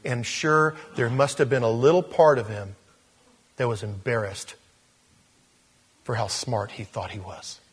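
A man preaching a sermon in an animated storytelling style, acting out the scenes he tells. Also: medium pitch, unhurried, long pauses, slightly rough, big-room sound.

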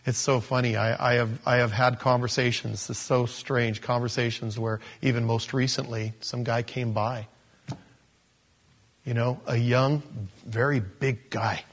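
A pastor with a slightly husky voice teaches scripture in a relaxed, conversational way. He wanders into stories and sarcastic asides, restarting his sentences as he goes. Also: medium pitch, measured pace. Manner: chatty and storytelling, with frequent restarts and sarcastic asides.

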